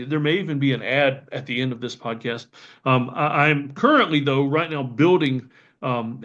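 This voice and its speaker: A man's voice: medium pitch, a bit bright. A man hosting a podcast, talking casually and enthusiastically with many fillers and restarts. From Southern United States. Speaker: podcast host. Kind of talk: casual solo podcast talk. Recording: slightly dull lo-fi audio.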